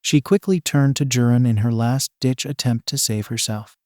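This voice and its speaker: A man's voice: mid-range voice, normal speed, a little mellow, dry recording, studio quality. A man steadily narrating a fan fiction story.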